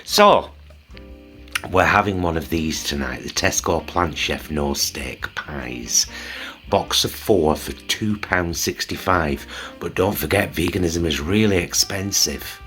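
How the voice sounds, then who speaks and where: A man's voice: deep voice, takes it slowly, fairly bright tone, soft background music. A man hosting a casual food vlog, chatty, teasing and affectionate as he shows dinner. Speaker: vlog host.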